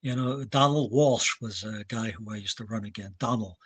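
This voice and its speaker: A man's voice: on the low side, normal speed, no room sound. Man in his 70s, from new york state, running coach, rambling stories, dry sound. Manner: rambling, anecdotal, clears throat often. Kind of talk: casual interview talk.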